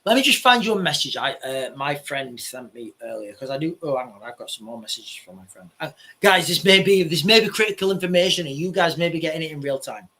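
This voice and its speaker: A man talks casually to his viewers in a fairly high, bright voice. He circles back and restarts his sentences as he goes. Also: expressive, fairly quick, hardly any pauses. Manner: rambling, with frequent restarts. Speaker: vlogger. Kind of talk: casual chat to camera.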